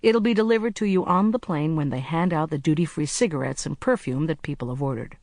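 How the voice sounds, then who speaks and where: A narrator voicing a cheerful, brisk young male agent in an audiobook. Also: medium pitch, darkish tone, no echo, clean studio sound, lightly acted. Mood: breezy. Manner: brisk, blithe, chatty. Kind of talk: audiobook character voice.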